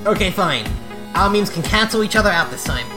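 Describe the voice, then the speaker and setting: A woman voicing a sardonic, irritable teenage boy, reading a webcomic aloud in roles with flat, swearing sarcasm. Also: mid-range voice, fairly quick, over music, pitched above the performer's own voice, close to an everyday voice.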